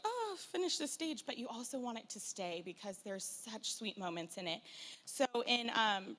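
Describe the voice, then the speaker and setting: A woman in her thirties sharing a personal Mother's Day talk at a church event, chatty and animated with lots of fillers. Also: mid-range voice. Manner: chatty, frequent fillers, animated retelling with playful impressions.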